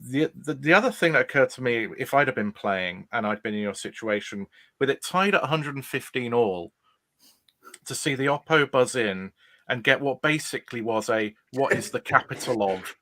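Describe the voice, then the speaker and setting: Bright-voiced male quiz podcast host. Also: mid-range voice, expressive, normal speed. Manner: reflective, thinking aloud with fillers. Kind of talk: casual chat.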